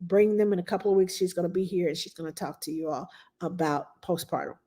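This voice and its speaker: A middle-aged woman talks casually to her live-stream viewers. Her voice is mellow and relaxed, and she rambles along, full of fillers and asides. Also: fairly low pitch, fast. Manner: chatty, rambling, with frequent fillers and laughs. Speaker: nanny hosting a live Q&A stream.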